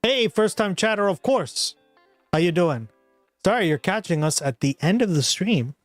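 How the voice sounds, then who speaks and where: A man's voice: high voice, lively intonation, moderate pace, dry recording, faint music behind. A man hosting a livestream, chatting casually with a rambling, profane manner and frequent laughter. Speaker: livestream host. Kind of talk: casual chat.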